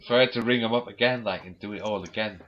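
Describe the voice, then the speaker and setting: A man chatting casually, telling rambling stories, swearing freely and laughing often. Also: mid-range voice. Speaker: podcast co-host. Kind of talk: casual chat. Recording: dull lo-fi recording.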